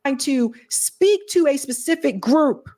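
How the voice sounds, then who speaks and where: Woman doing political commentary, high voice, sarcastic and pointed. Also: expressive, measured pace, dark tone.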